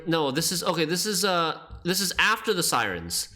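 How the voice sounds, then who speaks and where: A man's voice: on the high side, very animated, normal speed, bright, forceful tone. A man streaming a game, thinking aloud as he works through a puzzle and questions himself.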